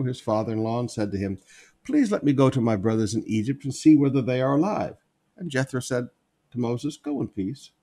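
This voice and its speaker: A man's voice: medium pitch, warm tone. A man preaching a sermon, repeating key phrases for emphasis as he reads and explains scripture.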